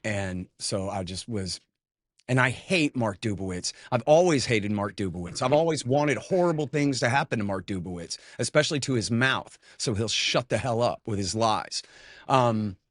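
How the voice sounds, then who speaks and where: A man's voice: mid-range voice, normal speed, fairly bright tone, no echo, studio quality. A man as an interview guest talking in a blunt, rambling, cranky way, full of fillers and restarts, tired from little sleep. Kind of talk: casual conversation.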